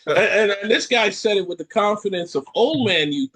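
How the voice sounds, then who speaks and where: A Caribbean man hosting a podcast, ranting in an animated way and repeating lines for effect. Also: sits high, fairly quick, breathy edge. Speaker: podcast host. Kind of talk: casual chat.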